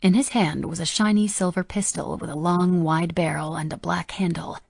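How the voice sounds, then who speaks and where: A woman reads a novel aloud in the first person with a steady storytelling delivery. Her voice sits on the low side of the female range, and the recording is dry and close. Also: normal speed, creaky, few pauses, breathy edge, no echo. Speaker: audiobook narrator.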